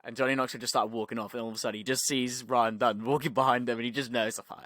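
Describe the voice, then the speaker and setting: A man's voice: medium pitch, fairly even intonation, racing, sharp tone, dry recording, clean studio sound. A young man telling stories on a casual podcast, acting out quotes with swearing and lots of filler words. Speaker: podcast co-host.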